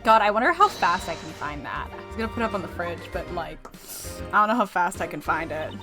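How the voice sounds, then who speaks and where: A woman's voice: fairly low pitch, animated, quick pace. A woman streaming a game, chatting casually in a self-deprecating way, swearing freely and laughing at herself. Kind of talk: casual gameplay commentary. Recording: game music playing behind.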